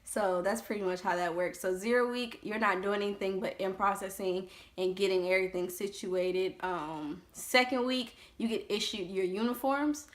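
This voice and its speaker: A woman in her twenties telling a story to her vlog audience in a loose, animated way, full of fillers. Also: mid-range voice, normal speed, hardly any pauses. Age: 20s. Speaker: vlogger. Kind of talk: casual storytelling to camera.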